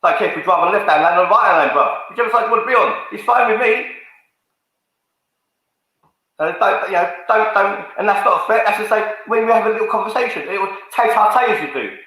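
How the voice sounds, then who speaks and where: A man's voice: high-pitched, fairly quick, pushed and bright. Angry man ranting in echoey room. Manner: confrontational, swearing, repetitive, calls people out. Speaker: fan channel YouTuber. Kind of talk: angry rant to camera.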